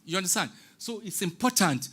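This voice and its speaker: Passionate Nigerian man, bright voice. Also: high voice, lively intonation, brisk, husky. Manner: passionate, preaching, mixes in Pidgin. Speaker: guest artist speaking on stage. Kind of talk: public talk. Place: stage in a large venue.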